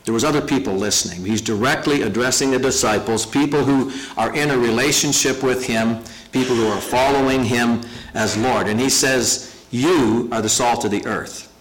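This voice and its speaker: A pastor preaching a sermon, earnest and emphatic, slowing down to stress key phrases. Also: male voice, mid-range voice, a little hiss or hum, rough recording.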